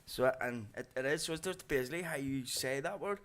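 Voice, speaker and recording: A man's voice: mid-range voice, fast, fairly bright tone. A man in casual studio chat, talking bluntly in slang, swearing and calling people "mate.". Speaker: rapper guest.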